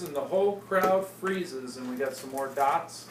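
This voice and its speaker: A woman slowly reading a picture book aloud to small children, playful and stopping to ask them questions. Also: very deep voice. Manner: slow, playful, asks the kids questions. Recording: roomy, distant, noisy home recording.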